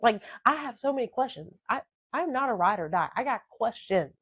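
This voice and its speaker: A woman's voice: fairly high pitch, animated, a little fast, a bit bright, slightly rough, dry recording, dull audio. A woman, emotionally and dramatically telling a personal story on her podcast.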